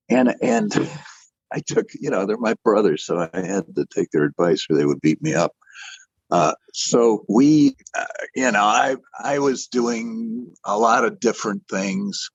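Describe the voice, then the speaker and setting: Older man, very low gravelly voice, husky, dry dull lo-fi sound, rambling storyteller. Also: measured pace, dry recording. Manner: rambling, self-deprecating, frequent restarts. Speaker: interview guest, animator. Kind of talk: casual storytelling.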